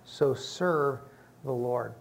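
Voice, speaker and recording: A man's voice: mid-range voice, very slow, gravelly. A man preaching a conversational sermon as pastor to his congregation, acting out the voices of people he quotes. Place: church sanctuary with congregation.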